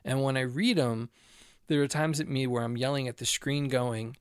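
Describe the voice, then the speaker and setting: A man's voice: medium pitch, brisk, smooth, dry recording, studio quality. A man hosting a casual conversation, talking animatedly and restarting his sentences as he works through his ideas.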